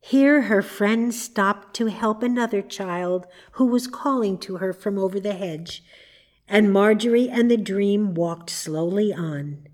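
Slow, gentle woman storybook narrator. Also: mid-range voice. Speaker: audiobook reader.

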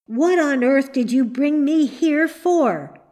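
A woman's voice: sits high, animated, very slow, dark tone, voice pushed up, exaggerated voice. A woman voicing a frightened, tearful young girl in a storybook, speaking in a raised, pleading voice. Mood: angry.

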